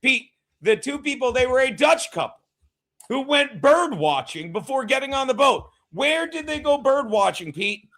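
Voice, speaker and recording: A man hosting a casual political chat show, loud and emphatic, joking and shouting his punchlines. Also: very high voice, sing-song, normal speed. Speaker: podcast host.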